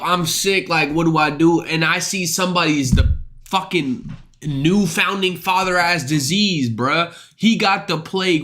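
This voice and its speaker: A congested man talks on a livestream with a bright, forceful tone while short of breath. He rambles casually, swears freely and often stumbles and repeats his words. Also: a little high. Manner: rambling, profane, stammers and repeats himself. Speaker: streamer.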